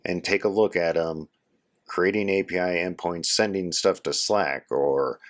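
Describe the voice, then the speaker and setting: A man with a hoarse voice from a cold, casually walking viewers through a software setup as a tutorial host. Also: low-pitched, a little slow. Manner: casual, instructive, addresses viewers as guys. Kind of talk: screen-share tutorial walkthrough.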